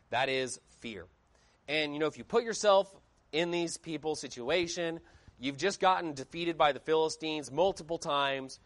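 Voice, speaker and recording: Male pastor, slightly high voice, casual sermon delivery with loud emphatic bursts. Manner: conversational preaching with emphatic outbursts.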